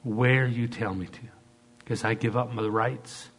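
A man's voice: medium pitch, fairly even intonation, unhurried, fairly bright tone. A middle-aged man, a pastor, preaching an emphatic sermon and leading the congregation in call-and-response.

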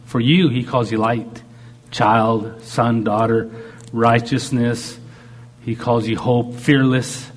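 A man's voice: mid-range voice, level tone, takes it slowly. A man preaching a sermon. He talks animatedly and acts out God speaking in short quoted lines. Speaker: pastor.

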